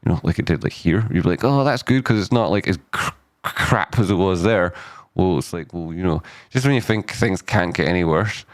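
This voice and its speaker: A man's voice: low voice, a little fast, no echo. A man hosting a casual live stock chart analysis, rambling and jokey, cutting himself off mid-sentence. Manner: rambling, self-interrupting, jokey asides.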